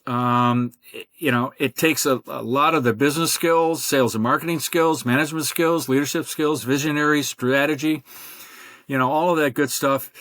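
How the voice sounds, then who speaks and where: A man's voice: medium pitch, steady tone, normal speed, a bit bright, no echo. Older man telling long rambling stories. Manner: rambling storyteller with many fillers. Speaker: podcast guest. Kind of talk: conversational interview.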